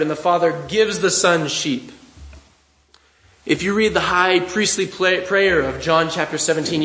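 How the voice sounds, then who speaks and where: A man with a somewhat high voice preaches with earnest conviction. He speaks in a measured way and slows down to press his key points home. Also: fairly bright tone, echoey room, low-quality recording. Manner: measured, earnest expository preaching with slow emphatic phrases. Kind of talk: sermon.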